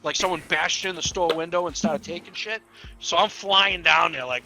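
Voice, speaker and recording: A police officer telling rambling, profane stories in casual game voice chat, often laughing. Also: male voice, fairly high pitch, normal speed, creaky, sharp tone, soft background music.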